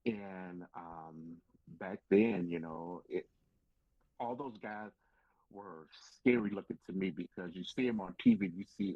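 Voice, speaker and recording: A man with a deep, husky voice tells his wrestling stories as a podcast guest. He acts out every quote and swears casually along the way. The sound is dry and close, but slightly dull and lo-fi. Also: measured pace, no echo. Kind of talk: casual storytelling interview.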